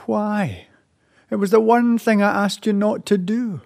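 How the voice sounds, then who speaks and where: A man's voice: a little high, expressive, unhurried, warm tone. A man voicing an anxious young mother who speaks tenderly and then scolds sharply. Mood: reproachful.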